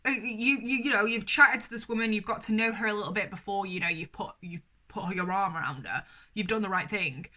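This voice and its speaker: Young British woman vlogger, bright and forceful, blunt, swears freely. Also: medium pitch, brisk, few pauses. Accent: British English. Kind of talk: opinion vlog to camera.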